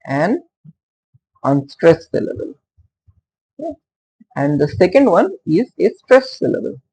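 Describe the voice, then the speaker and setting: A male literature teacher gives an unhurried, slightly high-pitched lecture on poetic meter. His voice is gravelly and a little husky. He talks haltingly, pads his sentences with fillers and "okay", and sounds out stressed and unstressed beats aloud. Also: sing-song, mellow, poor audio. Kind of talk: explanatory lecture.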